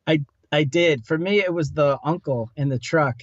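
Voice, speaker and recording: A man's voice: fairly high pitch, moderate pace, dry recording, dull audio. A man co-hosting a casual film review chat, talking conversationally with frequent restarts. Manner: conversational, hesitant restarts, laughs easily.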